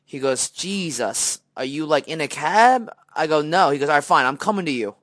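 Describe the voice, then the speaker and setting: Animated man telling a story. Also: fairly high pitch, normal speed, dry recording. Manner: animated storyteller, acts out quoted dialogue, many fillers. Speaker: podcast co-host. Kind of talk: casual storytelling chat.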